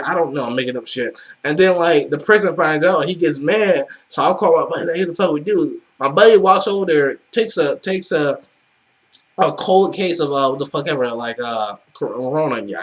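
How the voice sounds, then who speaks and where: A man hosting a reaction video, excitable and profane, rambling with lots of fillers. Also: a little high, fairly quick. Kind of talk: casual reaction commentary.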